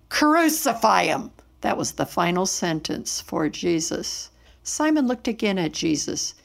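A woman narrating a Bible story in a steady, earnest storytelling manner. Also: mid-range voice, creaky.

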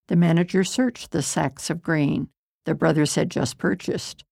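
Storyteller: woman, slow deliberate reader, low-ish, dry. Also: vocal fry, a little mellow, breathy edge, no room sound. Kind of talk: scripted story narration.

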